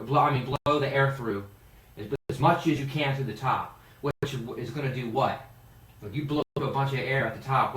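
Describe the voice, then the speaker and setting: Animated male vocal coach in a roomy studio. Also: medium pitch. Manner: animated, demonstrates exercises by singing. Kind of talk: singing lesson. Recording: roomy, mic at a distance, piano playing.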